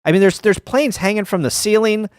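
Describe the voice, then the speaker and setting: A man's voice: high-pitched, fairly quick, dry recording, clean studio sound. A middle-aged man hosting a casual livestream, tired and rambling, with lots of ums, restarts and wry asides. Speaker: ham radio livestream host.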